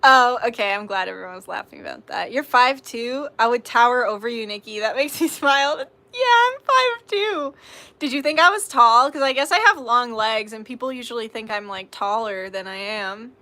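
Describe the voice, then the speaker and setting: A woman's voice: fairly high pitch, a little fast, few pauses, sharp tone. A young woman hosting a live tarot stream, chatting casually, reading out viewer comments, giggling and swearing freely.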